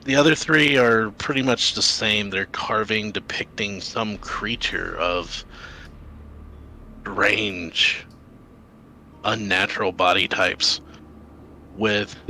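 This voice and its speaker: Slow, bright-voiced male game master. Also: fairly low pitch, a little hiss or hum. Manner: deliberate, descriptive, with fillers. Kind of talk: narrating a tabletop game.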